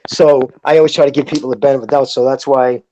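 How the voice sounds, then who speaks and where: A man riffing on a boxing podcast at a mid pitch, his talk emphatic, rambling and full of swearing. A faint hiss of noise sits under his voice. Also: steady tone, racing, mellow, rough recording. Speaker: podcast co-host. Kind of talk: casual boxing podcast chat.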